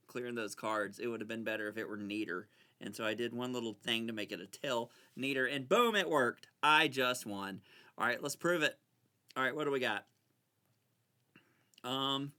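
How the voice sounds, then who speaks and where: A man casually commenting on a card game, excitable and mock-frightened, bickering back and forth as he plays. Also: mid-range voice. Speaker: channel host playing solitaire.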